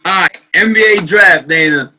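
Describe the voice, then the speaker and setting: Bright-voiced man hosting a casual chat. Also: sits high, slight background noise. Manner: halting, repeats words as he starts. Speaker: podcast host.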